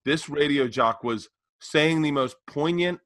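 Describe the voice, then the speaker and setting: A podcast co-host with a slightly high voice tells a story in casual chat at an unhurried pace. He's animated and acts out other people's lines in quoted voices, and there's no echo.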